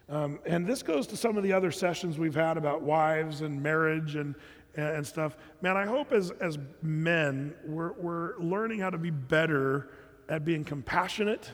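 A man's voice: fairly high pitch, long reverb tail. A male pastor teaching the Bible to a group of men in an easygoing, conversational way, with frequent fillers and restarts.

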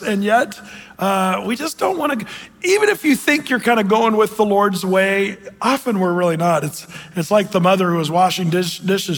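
A man's voice: high-pitched, a bit bright, in a large hall. An older man with a grandson giving a conversational sermon, full of fillers and restarts, acting out the voices of people in his stories. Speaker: pastor.

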